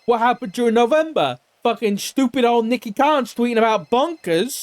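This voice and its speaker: A man's voice: very high voice, expressive, normal speed, hardly any pauses, no room sound. A man recapping an investigation in character, rambling and swearing a lot, sometimes mimicking other people. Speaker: roleplay streamer.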